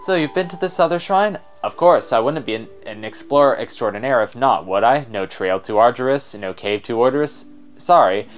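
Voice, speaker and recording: A man's voice: mid-range voice, animated, moderate pace, faint music behind, natural voice. A man voicing a pompous, long-winded male explorer with a posh British accent and a theatrical manner. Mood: enthusiastic. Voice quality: theatrical, grandiose. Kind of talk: let's play voice-over.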